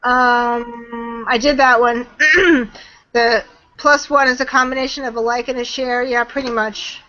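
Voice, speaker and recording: Woman guest, webinar Q&A over video call; high, bright, slow and chatty, trails off. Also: steady tone, lo-fi sound. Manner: chatty, laughs often, trails off mid-sentence. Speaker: guest marketing trainer. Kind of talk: webinar Q&A chat.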